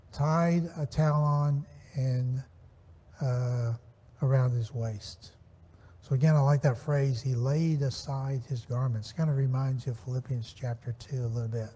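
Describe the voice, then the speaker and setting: A man leads a Sunday Bible class in a measured way, slowing down to stress the lines he reads. His voice is mellow and a bit husky. It rings with the long reverb of a church hall. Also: medium pitch. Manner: measured, slows to stress scripture phrases.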